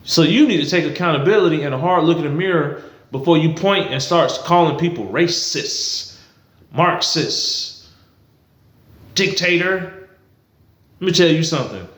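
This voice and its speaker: A man's voice: on the high side, normal speed, pauses often, fairly bright tone, echoey room. A man giving a heated, blunt and profane political rant to camera, repeating himself for emphasis. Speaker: political commentary vlogger. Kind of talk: ranting to camera.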